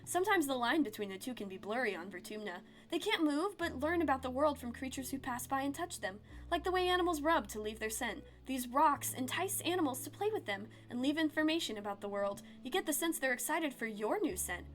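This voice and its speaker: Expressive woman reading a game aloud. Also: sits high, fairly quick, hardly any pauses. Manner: expressive, dramatic storytelling read-aloud. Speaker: game streamer.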